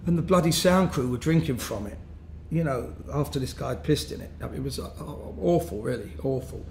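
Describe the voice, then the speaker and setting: A man with a medium-pitched, darkish voice, vocal fry, and lively intonation talks a little fast. He is a London musician giving casual, rambling anecdotes as an interview guest, laughing and restarting frequently, with faint background noise in a roomy recording.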